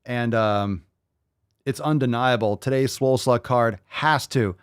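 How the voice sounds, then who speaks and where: A man's voice: medium pitch, a little slow, clear, resonant tone, no room sound, studio quality. A man hosting a podcast, ranting casually with heavy swearing and repeating phrases for emphasis. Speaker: podcast host.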